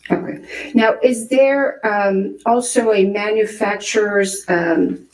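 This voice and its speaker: A woman's voice: medium pitch, steady tone, slow, a little mellow. Woman questioning a witness in court. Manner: probing, hesitant questions with fillers. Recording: roomy courtroom audio, distant mic.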